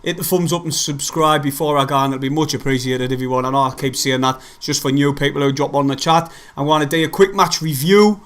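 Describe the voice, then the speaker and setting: Excitable fan streamer. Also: male voice, fairly high pitch, fast, hardly any pauses. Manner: excitable, swearing, swinging between shouts and weary mumbles. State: exhausted after a tense match. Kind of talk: live match watch-along commentary.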